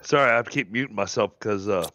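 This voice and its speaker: A man's voice: lowish voice, fast talker, bright, forceful tone, slight background noise. Rambling man with a Southern accent. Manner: rambling, stammering, jokey. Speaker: guest streamer. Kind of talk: casual gaming stream chat. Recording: faint background music.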